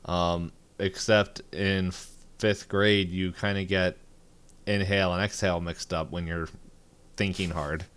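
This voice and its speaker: A man with a very deep, smooth voice tells a story in casual podcast chat. He rambles, leaning on fillers as he goes. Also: flat delivery, a little slow, a bit bright. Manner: rambling anecdote-telling with many fillers. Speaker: podcast co-host.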